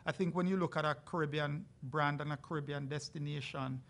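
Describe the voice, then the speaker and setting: A man with a fairly high voice speaks as a resort brand representative on a live panel. His delivery is earnest and persuasive, like a sales pitch. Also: fairly even intonation, a little fast, a bit bright. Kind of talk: panel discussion.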